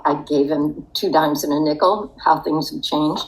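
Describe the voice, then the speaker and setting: A woman's voice: deep voice, fairly even intonation, moderate pace, poor audio. An older woman telling a personal story in a podcast interview, in a reflective, wry way. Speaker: interview guest.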